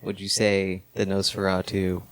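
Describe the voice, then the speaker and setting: A man's voice: sits low, completely flat delivery, measured pace. A man co-hosting a podcast, chatting casually and jokingly about a film, rambling with lots of "like". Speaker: podcast co-host. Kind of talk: casual movie review chat.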